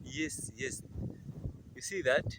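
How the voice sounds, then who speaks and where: Chatty man, wind roaring on mic. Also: slow. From Namibia. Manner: rambling, chatty, laughs often, talks to camera. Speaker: vlogger. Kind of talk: casual walking vlog. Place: outdoors, open rural land. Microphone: handheld camera. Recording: heavy wind noise on mic.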